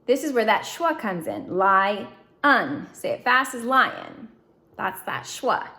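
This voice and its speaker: Woman, slightly high voice, patient reading teacher drilling syllables. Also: wildly swooping pitch, sharp tone. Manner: slow, clear, encouraging drill prompts. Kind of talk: phonics lesson to young students.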